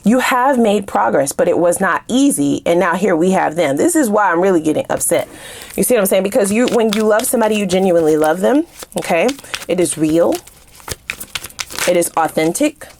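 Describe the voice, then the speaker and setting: Brief: woman tarot reader, casual and sassy, animated, talks straight to her viewers, swears freely. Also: medium pitch, a little fast, vocal fry, slight background noise.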